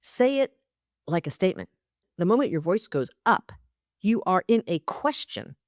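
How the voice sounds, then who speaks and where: A woman's voice: fairly low pitch, sing-song, normal speed, no room sound, clean studio sound. A woman hosting a solo podcast, coaching listeners in a direct, emphatic way. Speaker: podcast host and leadership coach.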